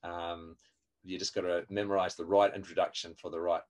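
A man's voice: sits low, little pitch movement, a little fast. A man training people in a live online webinar, explaining step by step and quizzing his listeners. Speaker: evangelism trainer.

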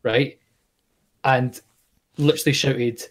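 A man co-hosting a podcast who chats casually and tells stories in a relaxed way. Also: medium pitch, slow. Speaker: podcast co-host. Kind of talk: casual chat.

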